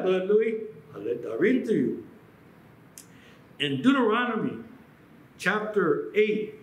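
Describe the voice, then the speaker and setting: A man from the United States preaching a sermon as pastor, animated and acting out quoted voices. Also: high voice, reverberant, poor audio.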